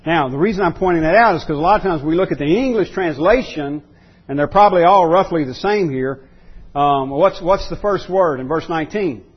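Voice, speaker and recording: A male pastor delivers a sermon in a slightly higher, husky voice. He stumbles and restarts often, repeating key words to drive the point home. The recording sounds dull and lo-fi. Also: brisk.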